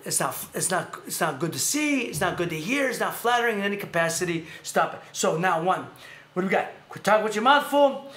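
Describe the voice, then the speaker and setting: Animated male livestream host, bright, ranting, roomy sound. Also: high voice, brisk. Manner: animated, ranting, laughs and shouts at times. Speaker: show host. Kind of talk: casual livestream rant and chat.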